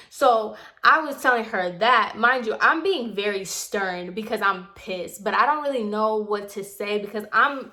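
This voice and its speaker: With a fairly high-pitched voice, a young female vlogger tells a story casually, growing animated and heated while quoting the exchange between people.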